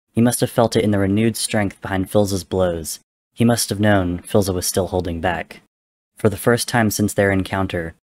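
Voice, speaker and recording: A man giving a dramatic reading of a story, narrating in a steady, grave storytelling manner. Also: sits low. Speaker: reader. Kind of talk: dramatic reading of fan fiction.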